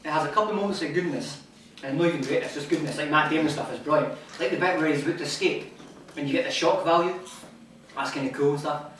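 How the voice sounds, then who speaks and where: A man's voice: a little high, fast, a bit bright. A young man chatting bluntly about films as a co-host of a gaming video, swearing now and then. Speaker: let's play co-host. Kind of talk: casual chat. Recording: echoey room, distant mic, noisy.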